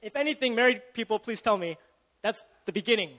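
A man's voice: sits high, expressive, fast talker, bright, forceful tone, big-room sound. A young man preaching a sermon in a casual, chatty way, often asking the audience questions and restarting his sentences.

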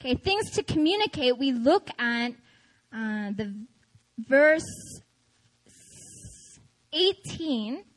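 A woman pastor giving a chatty, animated sermon, telling stories and often laughing. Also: sits high, slow, pauses often, poor audio. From United States. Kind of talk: sermon with personal storytelling.

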